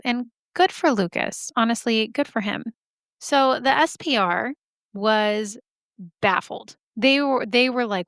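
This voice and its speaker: A woman's voice: fairly high pitch, measured pace, fairly bright tone, dry recording, studio quality. A woman hosting a podcast, telling a story casually with joking asides and lots of "like". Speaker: podcast host.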